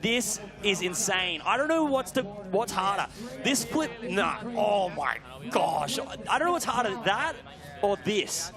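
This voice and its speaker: A man giving live sports commentary, excitable and bursting into shouts when something big happens. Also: sits high, unhurried, crowd noise.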